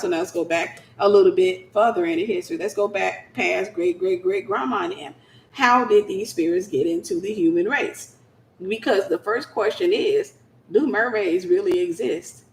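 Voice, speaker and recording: A woman teaching in a conversational, animated preaching style, acting out scenes as she goes. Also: fairly low pitch, moderate pace, a little hiss or hum. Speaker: Christian teacher. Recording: roomy echo.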